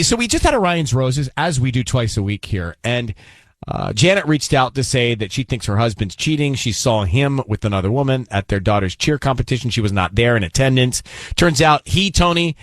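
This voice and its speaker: A man's voice: medium pitch, a bit bright, no echo. A man hosting a morning radio show, chatting and joking with co-hosts and callers. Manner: joking, teasing, quick laughs. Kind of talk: casual morning radio banter.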